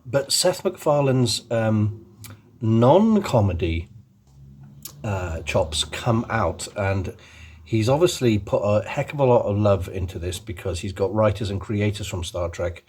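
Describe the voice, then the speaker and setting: A man's voice: lowish voice, darkish tone, slightly rough. A man hosting his own channel, chatting casually and enthusiastically, rambling with many ums and restarts. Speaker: channel host. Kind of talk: casual chat.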